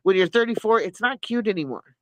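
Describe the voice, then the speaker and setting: A woman's voice: mid-range voice, animated, a little fast, no echo, low-quality recording. A middle-aged woman chatting candidly on a live stream, rambling earnestly with frequent restarts and self-corrections. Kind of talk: candid personal chat.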